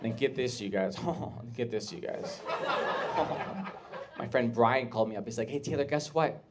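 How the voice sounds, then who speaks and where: Awkward stand-up comic in a laughing club. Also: male voice, mid-range voice, steady tone, a little slow, over a noisy crowd, very noisy. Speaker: stand-up comedian. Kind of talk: stand-up comedy set. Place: comedy club stage with live audience. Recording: clear live audience laughter.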